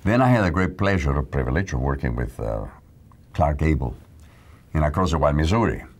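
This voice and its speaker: An older man with a Mexican accent, an actor recalling his career in a reflective interview, speaking in a measured, admiring way. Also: rumbling low, expressive, breathy edge. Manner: measured, admiring storytelling with pauses.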